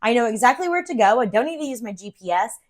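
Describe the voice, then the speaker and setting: A middle-aged woman from Central Virginia, a real estate agent, telling a personal story in a chatty, animated way with plenty of fillers. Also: a little high, fast. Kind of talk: casual storytelling vlog.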